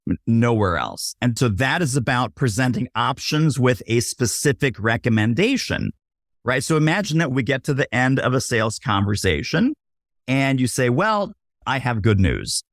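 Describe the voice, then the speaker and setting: A man talks sales on a podcast with a lively, swooping delivery. He acts out little scenes of buyers and waiters and keeps checking in with "right?" The sound is close and dry. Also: medium pitch, moderate pace, no room sound. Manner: punchy teaching tone, often tags lines with "right?". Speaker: podcast guest, sales expert. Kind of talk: casual interview talk.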